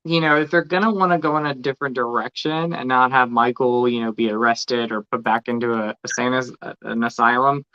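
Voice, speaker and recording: A man's voice: mid-range voice, steady tone, brisk, hardly any pauses, pushed and bright, smooth. A man co-hosting a casual livestream, talking earnestly and hesitantly with many restarts. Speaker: podcast co-host. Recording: dull lo-fi mic.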